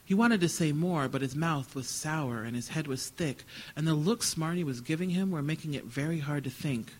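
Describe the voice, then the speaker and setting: A man reading literary fiction aloud at a live event. His voice sits somewhat high for a man. He tells the story in a dry, wry way. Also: moderate pace, low-quality recording. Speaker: author reading.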